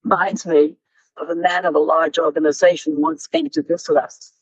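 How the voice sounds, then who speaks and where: Speaking as a guest at a storytelling talk with Q&A, an older woman brings her anecdotes to life, voicing the people in them. Her voice is deep and husky at a normal speed, captured in a dull, lo-fi, dry recording.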